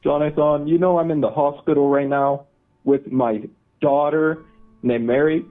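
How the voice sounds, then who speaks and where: A man's voice: a little high, fairly even intonation, moderate pace, faint music behind, close to an everyday voice. A man playing an upset male parent who calls in from a hospital and confronts the host. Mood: upset angry. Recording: tinny phone line.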